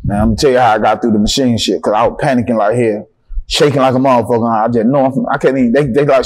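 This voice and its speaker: A young man from Atlanta, Georgia, with a Southern accent is a guest in a casual interview, telling his story fast with a mid-range voice. His storytelling is animated and full of swearing, and he acts out other people's lines.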